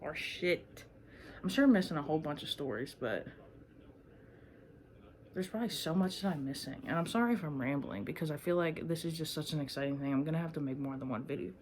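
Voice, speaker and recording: A woman's voice: low-pitched, fairly quick, slight background noise. A young adult woman telling casual stories in a vlog, rambling and swearing freely as she remembers things. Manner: rambling, profane, animated storytelling. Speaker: vlogger.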